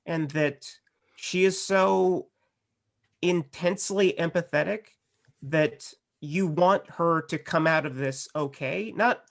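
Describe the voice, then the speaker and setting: A man with a fairly high voice weighs in as a juror on a casual movie podcast. He thinks out loud, rambles and restarts, and sprinkles in "like" and "uh" as he builds his point. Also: slow pace, vocal fry. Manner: thoughtful and rambling, many restarts and "like" and "uh". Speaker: juror on a film debate podcast.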